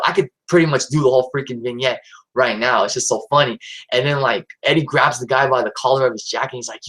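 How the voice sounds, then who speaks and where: A man's voice: medium pitch, fast talker, fairly bright tone, poor audio. A man hosting his own live stream, talking casually and hesitantly with lots of fillers and restarts. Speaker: channel host.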